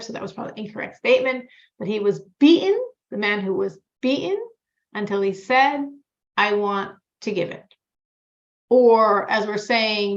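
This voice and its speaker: A woman teaching a religious class, telling stories and acting out the characters' lines as she quotes them. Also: mid-range voice. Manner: storytelling, animated quoting of characters. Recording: echoey, dull lo-fi room sound.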